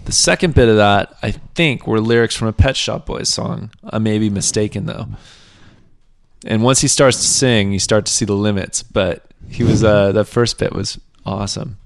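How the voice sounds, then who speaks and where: Low gravelly guy co-hosting a podcast, cracking jokes, dry close sound. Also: normal speed, dry recording. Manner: joking, laughs often, wry one-liners. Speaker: podcast co-host. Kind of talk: casual chat.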